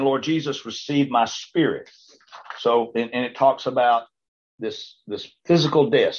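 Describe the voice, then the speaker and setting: Man teaching Bible class, husky, restarts. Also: medium pitch. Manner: rambling with frequent stammered restarts and check-ins to the class. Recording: dull lo-fi recording.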